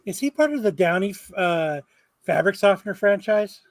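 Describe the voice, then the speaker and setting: A man's voice: high-pitched, animated, normal speed, dry recording, clean studio sound. A man co-hosting a podcast, joking and teasing the others in casual chat. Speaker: podcast co-host.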